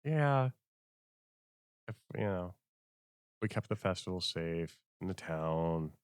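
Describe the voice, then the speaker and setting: A man's voice: deep voice, lively intonation, slow, smooth, no room sound, studio quality. A man playing a tabletop game in character, hesitant and mumbling. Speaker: player.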